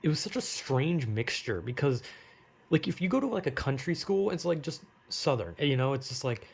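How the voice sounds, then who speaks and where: Gravelly young man rambling casually. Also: fairly high pitch, sing-song, moderate pace. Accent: General American. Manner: self-deprecating, rambling, swears casually. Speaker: vlogger.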